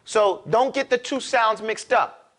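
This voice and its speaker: Male language teacher, very high voice, unhurried classroom drill. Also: fairly bright tone. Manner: drills letters aloud, corrects and explains patiently. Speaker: Arabic teacher.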